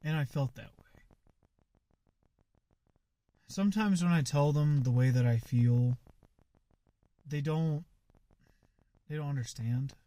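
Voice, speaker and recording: A man venting in a casual monologue, rambling and halting with lots of fillers and frequent swearing. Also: a little high, warm tone, no room sound.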